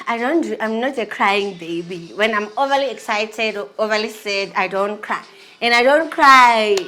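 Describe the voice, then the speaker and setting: A woman tells her own story in an animated way, acting out quoted dialogue. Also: a little high. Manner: animated, acts out quoted dialogue, restarts often. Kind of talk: personal storytelling talk.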